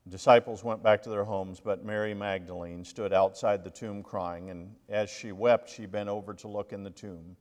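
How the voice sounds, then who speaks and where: A male minister delivers a sermon in a church sanctuary, his voice sitting on the low side. He reads scripture aloud with dramatic pauses and emphasis. A long reverb from the large hall trails after each phrase. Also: fairly even intonation, darkish tone. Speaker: interim lead minister.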